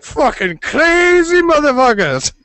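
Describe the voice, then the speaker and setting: A man's voice: very high-pitched, very animated, slow pace, no echo, voice pushed up, heavily acted. A man doing a rowdy drunken Scottish fairy. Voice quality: loud, brash, swearing.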